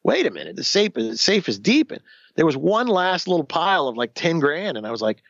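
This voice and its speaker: Gravelly, animated man in his fifties. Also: a little high, brisk, dry recording, dull audio. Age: 50s. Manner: animated, acts out quoted voices, restarts sentences. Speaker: guest telling his life story. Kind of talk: candid storytelling interview.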